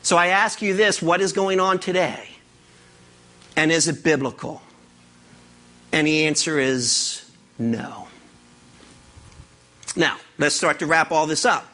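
A male pastor delivers a lively, conversational sermon with a high, bright, forceful voice. He keeps stepping into the voices of imagined listeners to make his point. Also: takes it slowly, long pauses. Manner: animated, acts out imagined listeners.

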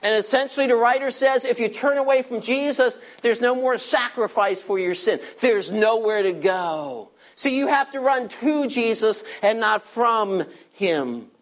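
A man preaching a sermon, directly addressing his listeners and stretching key words slowly for emphasis. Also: very high-pitched. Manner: addresses listeners directly, asks them to turn pages. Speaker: pastor.

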